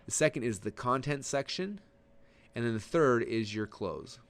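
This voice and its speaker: A man teaching a webinar lesson in an energetic, emphatic, conversational way, leaning forward and gesturing as he talks. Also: mid-range voice, moderate pace. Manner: conversational with frequent fillers and restarts. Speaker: online marketing instructor.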